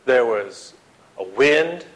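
A man preaching a sermon to his congregation, swinging from loud dramatic outbursts to hushed appeals and acting out the quotes he reads. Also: medium pitch, expressive, slow, low-quality recording. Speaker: pastor.

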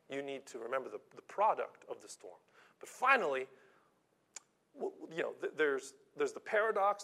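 A man preaching a sermon in a conversational storytelling way, with halting restarts and slow, deliberate emphasis on key phrases. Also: mid-range voice, creaky, a bit bright. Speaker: pastor.

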